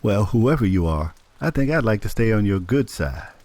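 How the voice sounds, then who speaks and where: A man's voice: fairly low pitch, animated, normal speed, a little mellow, dry recording. A man voicing a friendly, gallant young man who speaks politely with good humor. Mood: amused.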